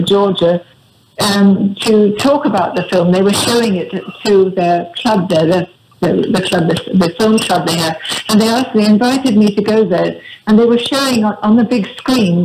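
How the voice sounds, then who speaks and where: A woman's voice: mid-range voice, noisy background. An older British woman from England, a radio guest who talks graciously and laughs often. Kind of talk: phone interview on a radio show.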